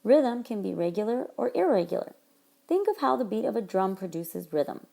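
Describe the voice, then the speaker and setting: A woman teacher narrating a recorded lesson, explaining things clearly to her students. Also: mid-range voice, very animated, normal speed, warm tone. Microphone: tablet microphone.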